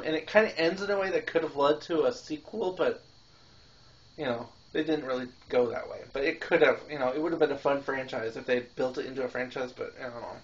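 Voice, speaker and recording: A man hosting a casual film-review show, rambling with lots of fillers and restarts and laughing between thoughts. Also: mid-range voice. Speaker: podcast host reviewing films. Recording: dull lo-fi home recording.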